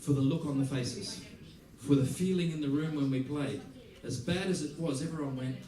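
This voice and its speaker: Here a man with an Australian accent, a musician running a masterclass, talks to an audience through anecdotes at a moderate pace. His voice runs high, and he acts out quotes and laughs often. The recording carries the echo of a large theater hall, his voice distant.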